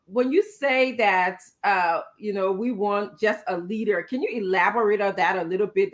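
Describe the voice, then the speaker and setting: A woman, hosting a talk show and asking measured questions with many fillers. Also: medium pitch, a bit bright. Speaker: host.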